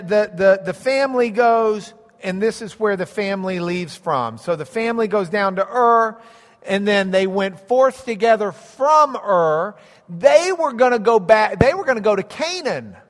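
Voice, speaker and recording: A man delivers a sermon in a high, carrying voice. He teaches as if pointing to a map, hammering his points home with emphatic repetition. The sound rings with the long reverb of a large hall. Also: expressive, measured pace. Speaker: pastor.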